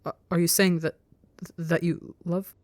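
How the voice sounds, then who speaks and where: A woman playing a shaken young male creature with claws, stuttering and groping for words. Her voice is low and close, recorded dry with no echo. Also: little pitch movement, unhurried, darkish tone, close to an everyday voice. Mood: confused. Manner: stammering, confused. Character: anxious clawed young male creature, overwhelmed.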